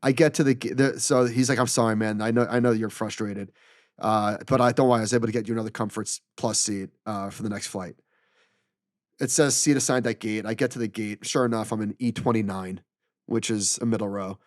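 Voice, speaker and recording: A middle-aged man co-hosting a podcast, telling a story in an animated, exasperated way and acting out the dialogue. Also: on the low side, a little fast, no room sound, clean studio sound. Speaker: podcast co-host. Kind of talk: casual storytelling chat.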